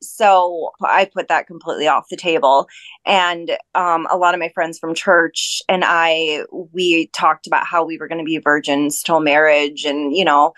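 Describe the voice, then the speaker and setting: A woman in her thirties from North Dakota, a podcast guest telling a personal story in a chatty, animated way, full of "like" and quoted voices. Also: low voice, normal speed, dry recording. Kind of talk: casual storytelling.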